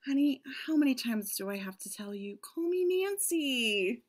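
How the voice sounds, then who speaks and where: A woman voicing a busy, polished professional woman chatting briskly on a phone in an amateur audio drama. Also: fairly high pitch, expressive. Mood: breezy. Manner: brisk, breezy, talking on a phone.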